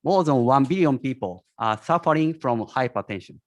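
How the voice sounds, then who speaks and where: A man opens his startup pitch to the audience, laying out the problem his product solves. He speaks at a middle pitch in a steady, rehearsed way. The sound is close and dry. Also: normal speed, no echo, highs cut off. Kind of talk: prepared pitch presentation.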